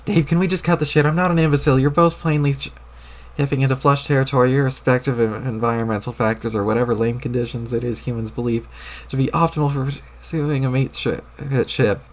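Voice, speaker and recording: A man voicing a loud, short-tempered young male troll who rants crudely, read aloud from a webcomic on stream. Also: mid-range voice, steady tone, fast, lightly acted. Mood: ranting. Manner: shouty, indignant, crude rants.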